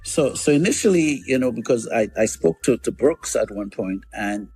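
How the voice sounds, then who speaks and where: A man's voice: medium pitch, lively intonation, normal speed, darkish tone, a little hiss or hum. A man hosting a radio show, chatting casually and rambling through memories with lots of fillers and restarts. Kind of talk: casual storytelling chat.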